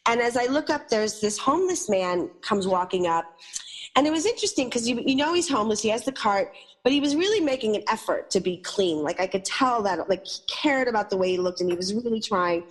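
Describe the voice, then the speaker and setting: A woman's voice: fairly high pitch, a little fast. A woman in her forties on a talk radio show, telling a personal story and acting out the quoted lines. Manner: animated storyteller who acts out quoted lines.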